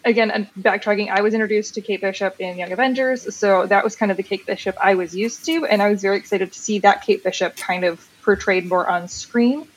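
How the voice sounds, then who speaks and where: A woman's voice: mid-range voice, steady tone, brisk, few pauses, a little hiss or hum, rough recording. A woman chatting enthusiastically about comics and a TV series, rambling a little with fillers. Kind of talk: casual chat about comics and TV.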